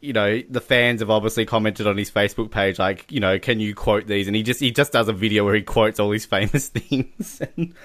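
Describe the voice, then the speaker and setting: A man co-hosting a casual movie commentary chat, animated and often laughing. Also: lowish voice, fairly quick, hardly any pauses. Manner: giggly, animated, keeps breaking into laughter. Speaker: podcast co-host.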